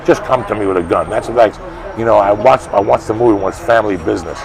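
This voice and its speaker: Gravelly man telling blunt, profane street stories. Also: lowish voice, fast talker. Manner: blunt, swearing, builds to loud animated bursts. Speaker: interview guest. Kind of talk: profane storytelling in conversation. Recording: street crowd and traffic behind.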